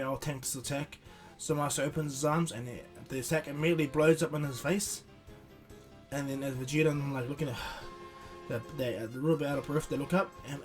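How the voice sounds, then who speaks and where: A man narrating a fan-made cartoon story casually, rambling with many restarts. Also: on the high side. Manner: rambling, filler-heavy with restarts and chuckles. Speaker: YouTuber storyteller.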